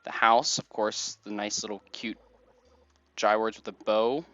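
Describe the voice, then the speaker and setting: A man's voice: on the low side, level tone, a little slow, bright, forceful tone, lo-fi sound. A man giving casual, rambling gameplay commentary, full of "like"s. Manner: chatty, rambling, many "like"s. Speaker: let's play gamer.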